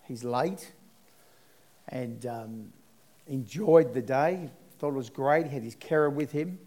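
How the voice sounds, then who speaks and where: A man's voice: mid-range voice, slow, a little mellow. An Australian man, a church leader, telling a personal story as a testimony, his voice rising and dropping as he goes.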